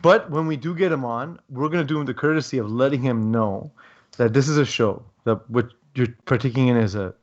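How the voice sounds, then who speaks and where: A man co-hosting a casual sports podcast, rambling through his thoughts with plenty of ums and wry little asides. His voice sits at an ordinary middle pitch. The audio is a bit dull and lo-fi. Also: brisk. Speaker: podcast co-host. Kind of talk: casual chat.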